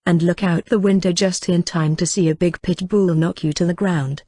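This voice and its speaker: A cocky teenage boy next door who talks with a grin and a light, teasing ease, as a woman reads him out. The voice sits fairly low for a woman and sounds close and dry, with no room around it. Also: steady tone, normal speed, dark tone, no room sound, lightly acted. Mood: matter-of-fact. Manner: amused, grinning, lightly teasing.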